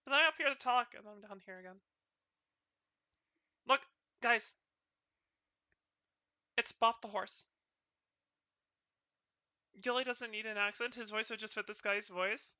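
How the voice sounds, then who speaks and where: A woman's voice: a little high, a little slow, pauses often, bright, forceful tone, dry recording. A woman with a North Carolina accent, chatting playfully with friends and viewers during a stream, often stumbling over her words. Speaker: VTuber streamer. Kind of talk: casual stream chat.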